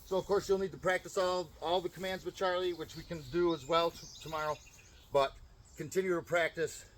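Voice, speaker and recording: Man calmly coaching dog owners outdoors. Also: fairly quick, a little hiss or hum. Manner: calm explaining, bursts of high excited praise to a dog. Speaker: dog trainer. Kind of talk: outdoor training demonstration.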